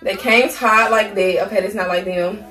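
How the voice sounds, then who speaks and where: A woman's voice: mid-range voice, steady tone, normal speed. Slangy young woman vlogging in a roomy space. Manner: playful, slangy, talks to viewers as y'all. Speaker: haul vlogger. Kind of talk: casual clothing haul chat. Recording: roomy sound, mic at a distance, soft music.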